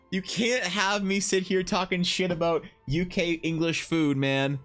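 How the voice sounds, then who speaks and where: Faint music sits behind this high-pitched male streamer from Ukraine, who speaks unhurriedly with few pauses. His casual livestream chat is lively and profane, full of mock-outraged riffs on what he's reading.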